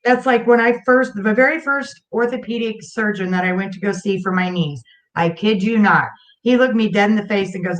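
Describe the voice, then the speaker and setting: A woman's voice: mid-range voice, normal speed. Frank, emphatic woman guest. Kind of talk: casual chat.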